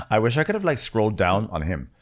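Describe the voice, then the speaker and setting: A man riffing through a reality show recap with wry, animated jokes. His pitch swings widely as he talks. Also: normal speed, heavy background noise. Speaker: podcast co-host. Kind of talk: casual comedic recap.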